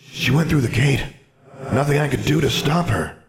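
A man voicing the quiet, calm ghost of a male groundskeeper. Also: medium pitch, normal speed, gravelly, pitched above the performer's own voice, lightly acted.

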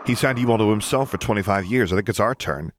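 A man's voice: lowish voice, quick pace, noisy background, pitched above the performer's own voice, lightly acted. A man voicing a bold, flippant eighteen-year-old girl, blunt and cheeky.

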